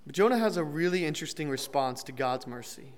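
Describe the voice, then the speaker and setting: A young man preaches in a slightly higher voice, talking through scripture casually with the odd joke and self-correction. His voice rings out with a long reverb tail, as though recorded in a big church hall. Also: animated, fast talker. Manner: conversational, with restarts and light humor. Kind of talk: sermon.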